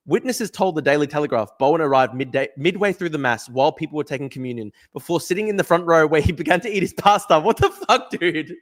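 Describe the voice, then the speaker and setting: A man, ranting in livestream commentary, swearing and repeating his points. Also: on the high side. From Australia. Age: 20s. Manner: ranting, profane, repeats himself. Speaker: streamer.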